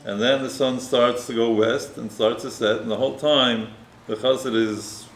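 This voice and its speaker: A male rabbi delivers a sermon in a relaxed, conversational storytelling manner, checking in with listeners through frequent tag questions. His voice sits at a middle pitch. The room echoes noticeably, and faint noise sits underneath. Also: moderate pace. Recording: roomy echo, faint noise.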